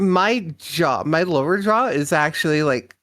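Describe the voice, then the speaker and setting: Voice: medium pitch, animated, a little slow, a bit bright. Swearing, laughing stream guest. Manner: laughs often, swears freely, teasing. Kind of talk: casual banter.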